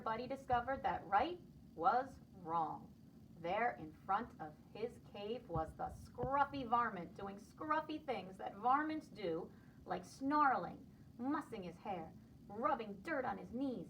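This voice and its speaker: Expressive preschool teacher reading aloud. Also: female voice, a little high, unhurried, recorded from a distance, slight background noise, low-quality recording. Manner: expressive, lively read-aloud. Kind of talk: reading a picture book aloud to children.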